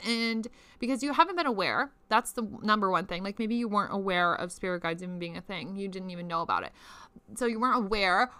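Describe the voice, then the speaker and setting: A woman's voice: fairly high pitch, bright, forceful tone, clean tone, no room sound. A young woman hosting a spiritual podcast, chatty and casual, swearing freely and saying "like" a lot. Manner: chatty and profane, many "like"s, laughs often. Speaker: podcast host.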